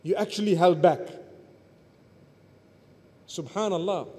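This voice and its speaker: A male preacher with a high voice delivers a religious sermon. He builds to loud, urgent peaks and then falls to quiet, low murmurs. His voice trails off into a long hall reverb. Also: takes it slowly. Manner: rises to near-shouts, then drops to soft low murmurs. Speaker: Islamic preacher.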